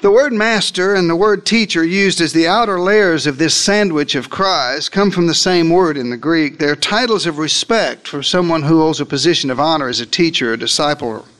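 A man with a high-pitched voice delivers a sermon as a vivid first-person retelling. He is theatrical, and his pitch and pace swing widely. Dry humorous asides break up the drama. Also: normal speed, hardly any pauses, a bit bright. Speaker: preacher.

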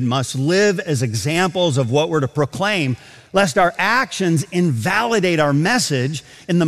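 A man preaching a sermon in a large auditorium, emphatic and full of rhetorical questions, slowing down to stress key phrases. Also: fairly high pitch, in a large hall. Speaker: pastor.

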